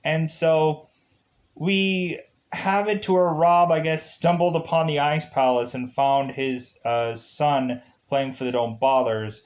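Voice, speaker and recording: A man's voice: fairly high pitch, fairly even intonation, slow pace, lo-fi sound. A man with an Upper Midwest accent giving a casual, rambling review of a TV episode, full of fillers and chuckles.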